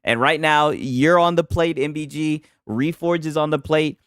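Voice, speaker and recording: A man on a live stream, mocking the clips he reacts to in loose, profane commentary and calling out chat names as he goes. His voice sits a bit higher than most men's. The sound is dry and close, with no room around it. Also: steady tone, normal speed, a bit bright, smooth, no room sound.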